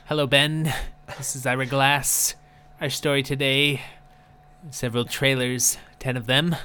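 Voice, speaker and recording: A man doing an impression of a deadpan male public radio storyteller, talking in a flat monotone. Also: mid-range voice, a little slow, smooth.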